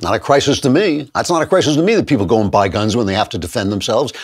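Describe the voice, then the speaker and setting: A man's voice: fairly low pitch, big pitch swings, fast talker, slightly rough. A man hosting a political talk show, giving emphatic, sardonic opinion commentary into a studio mic. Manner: emphatic, sardonic, with occasional laughs.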